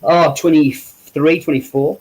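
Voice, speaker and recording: A man's voice: a little high, steady tone, measured pace, a crowd in the background, poor audio. A middle-aged man from England, a guest in a casual interview who tells anecdotes, acts out quoted voices and laughs at himself. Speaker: interview guest, makeup effects artist.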